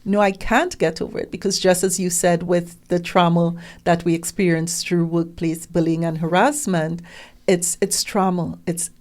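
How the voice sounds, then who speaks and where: An animated middle-aged woman speaks as a guest in a relaxed interview, her voice sitting a little low for a woman. She talks with emphasis and slips into the questions others have put to her, bringing them to life as she quotes them. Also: normal speed. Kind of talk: conversational interview.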